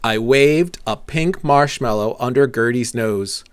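A man reading a children's storybook aloud in a soft, unhurried narrating voice. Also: mid-range voice, clear, resonant tone, dry recording. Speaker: storybook reader.

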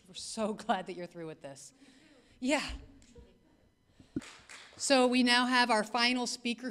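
A woman's voice: mid-range voice, smooth. A woman hosting an event, upbeat and cheering as she introduces the speakers.

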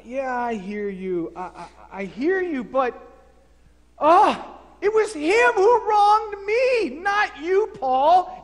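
A man's voice: sits high, pitched below the performer's own voice, full character voice. A man preacher acting out a wronged man who protests and stammers in a sermon skit, heard in a reverberant church hall. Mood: protesting. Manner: indignant, pleading, stammering. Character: aggrieved man wronged by his servant.

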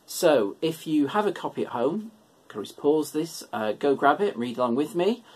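A man leading children's worship, reading a picture book aloud in a relaxed, gentle, self-deprecating way. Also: on the high side, moderate pace, husky.

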